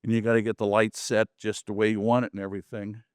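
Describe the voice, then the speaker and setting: A man's voice: fairly low pitch, little pitch movement, fast, clear, resonant tone, no echo, studio quality. Folksy man giving a casual photo talk. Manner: chatty, folksy asides and jokes. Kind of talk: casual presentation to a small audience. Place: community meeting room.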